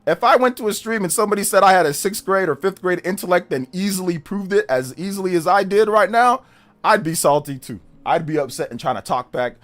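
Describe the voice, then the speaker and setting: A man's voice: high-pitched, expressive, brisk, a bit bright. A middle-aged man streaming live, combatively mocking viewers in his chat and laughing them off.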